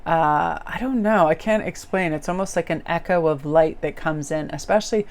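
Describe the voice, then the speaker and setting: A woman giving a casual tarot reading to camera, chatty and upbeat, with many "you know"s and big jumps in pitch for emphasis. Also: moderate pace. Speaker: tarot reader. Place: indoors near a window.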